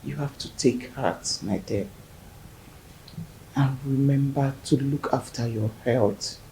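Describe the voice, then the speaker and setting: An actress playing a widowed woman with a Nigerian accent who gently comforts a grieving friend. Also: slow, noisy background, heavily acted. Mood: consoling. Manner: consoling, gentle and low. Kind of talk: Nollywood film acting.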